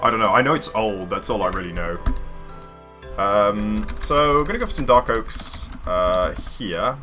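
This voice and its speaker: A man from near London chats casually while streaming a game. His voice sits low but sounds bright and forceful, and he rambles with frequent fillers and restarts. Faint music plays in the background. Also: a little slow. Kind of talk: casual livestream chat while gaming.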